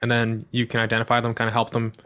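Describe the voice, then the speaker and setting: A male podcast host asks quick, loosely phrased questions. His voice stays flat and even, and he talks at a brisk clip. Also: mid-range voice, clear, resonant tone. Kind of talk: interview questions.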